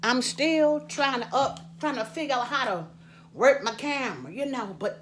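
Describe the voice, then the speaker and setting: A woman's voice: on the high side, normal speed, a bit bright, a little hiss or hum. A woman chatting with viewers from her home kitchen while doing dishes, in a repetitive, preachy way, calling them y'all and adding amen. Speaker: faith vlogger. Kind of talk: casual chat with viewers while cleaning. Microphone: camera propped up and moved around.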